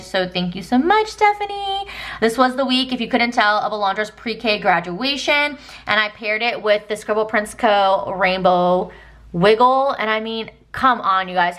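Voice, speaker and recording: A woman's voice: mid-range voice, sharp tone. A woman in her thirties from Texas, chatting casually through a planner flip-through with lots of ums and likes. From Texas, United States. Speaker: planner vlogger.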